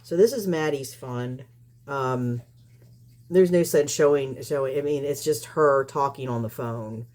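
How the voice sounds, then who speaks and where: A woman's voice: rumbling low, measured pace, a little mellow. A woman giving casual commentary on her channel, combative and rambling, with many restarts. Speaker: YouTube commentator.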